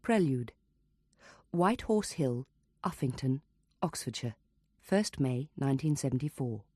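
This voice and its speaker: A woman with a notably low voice narrating an audiobook in a measured, even way. The read is close to the mic and completely dry. Her delivery stays steady through long descriptive passages. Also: slightly rough, dry recording. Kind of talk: scripted narration.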